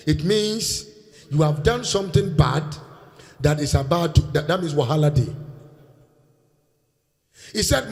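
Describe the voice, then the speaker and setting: Nigerian preacher with a very high voice. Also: male voice, sing-song, normal speed. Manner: call-and-response preaching, bursts into shouting. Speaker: pastor. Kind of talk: sermon. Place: church hall. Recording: reverberant church hall, faint music.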